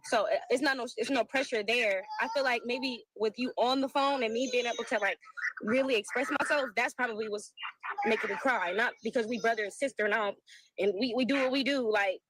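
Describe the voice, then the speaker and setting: A tearful woman on a phone call with her brother, halting and repeating words as she says she is hurt. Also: a little high, background noise. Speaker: sister on a played phone call. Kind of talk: emotional phone conversation.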